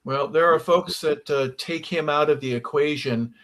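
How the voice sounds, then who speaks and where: A man's voice: a little high, moderate pace, a bit bright. A man hosting a sports talk show, asking long, rambling questions full of restarts.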